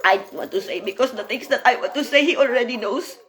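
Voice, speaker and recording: High-voiced woman venting emotionally. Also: fast, fairly bright tone. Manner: emotional, repeats herself, frequent "you know". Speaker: former apprentice. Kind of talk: emotional personal vlog monologue.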